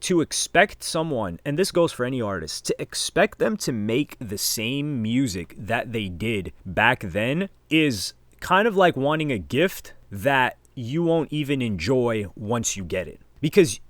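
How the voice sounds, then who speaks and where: A man hosting a casual commentary video, reading out social media posts and reacting with lively emphasis. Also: mid-range voice, measured pace, hardly any pauses, no room sound. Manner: animated, reads quotes aloud with emphasis. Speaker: commentary channel host.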